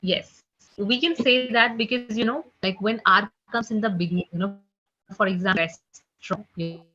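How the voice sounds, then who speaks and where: A woman's voice: mid-range voice, pushed and bright. Woman teaching French over a call. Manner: fillers of "you know, like", slow repeated drilling of sounds. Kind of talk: online class lesson. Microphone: computer mic on a video call. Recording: slightly dull lo-fi call audio.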